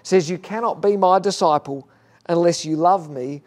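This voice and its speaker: A man preaching a conversational sermon, telling stories with lively restarts. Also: high-pitched, normal speed. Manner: conversational, animated storytelling with restarts. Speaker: pastor.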